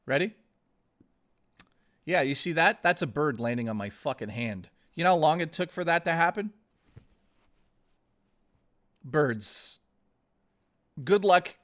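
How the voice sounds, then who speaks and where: A man's voice: fairly high pitch, lively intonation, moderate pace, fairly bright tone. A man streaming live, chatting casually and ramblingly with viewers, swearing often and calling them dude and guys. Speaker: gaming streamer.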